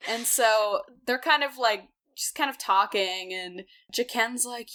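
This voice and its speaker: Woman, podcast co-host, bright and clear, chatty and laughing, slightly high voice. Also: takes it slowly. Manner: chatty, laughs often, acts out characters in playful voices. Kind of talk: casual book discussion chat.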